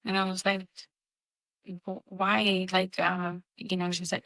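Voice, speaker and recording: A woman in her thirties co-hosting a casual podcast, talking haltingly with many restarts and fillers. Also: lowish voice, flat delivery, bright, forceful tone, no room sound, rough recording. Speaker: podcast co-host. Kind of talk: casual heartfelt conversation.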